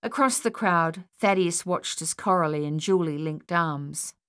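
Aussie woman audiobook narrator, lowish voice, even, dry close mic. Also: unhurried, clean tone, no echo.

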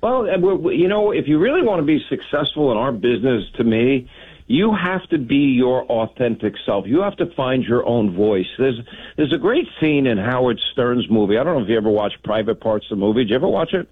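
A man in a casual talk-show chat, telling radio stories with animated, broadcaster-style energy. His voice has a middle pitch and sounds thin and tinny, like a phone line. The room gives no echo at all. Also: brisk, husky. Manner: animated storytelling, broadcaster delivery. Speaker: radio host.

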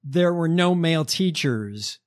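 A man's voice: on the high side, expressive, unhurried. A man hosting a podcast in casual chat, laid-back and profane, with lots of fillers. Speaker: podcast host.

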